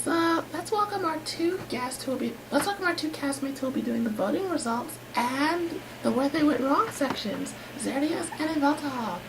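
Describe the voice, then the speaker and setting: A woman's voice: high voice, expressive, normal speed, hardly any pauses, pitched above the performer's own voice. A woman voicing a bubbly, self-centered female flower creature who hosts a show, gushing and boastful, in a noisy home recording. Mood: perky. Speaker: show host.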